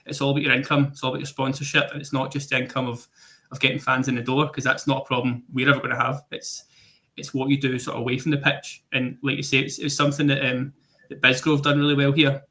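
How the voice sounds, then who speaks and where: Fast, bright-voiced young-sounding man. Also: medium pitch. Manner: quick, plain-spoken. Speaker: podcast panelist. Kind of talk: casual football podcast chat.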